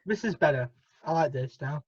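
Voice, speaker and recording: A man's voice: a little high, animated, a little fast, slightly rough, no echo, lo-fi sound. A teenage boy from the UK hosting a casual podcast over a video call, laughing often, his voice cracking upward now and then. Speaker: podcast host.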